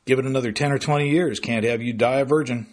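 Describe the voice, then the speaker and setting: Guy doing a wry bratty sister voice, a bit higher, kinda husky, talks fast. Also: steady tone, lightly acted. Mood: teasing. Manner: wry, teasing. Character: teasing teenage sister, quick-witted.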